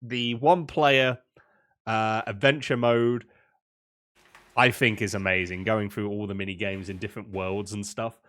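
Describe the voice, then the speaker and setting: A young British man co-hosting a casual podcast, rambling with excitement and often laughing. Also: fairly low pitch, measured pace. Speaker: podcast co-host. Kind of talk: casual chat.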